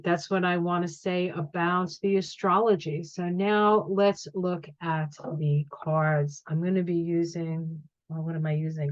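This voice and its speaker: The same kind of casual to-camera astrology forecast comes from a middle-aged woman with a voice on the low side, who reads astrology and tarot. Her delivery is full of ums and restarts as she thinks aloud, captured in a dry, lo-fi recording.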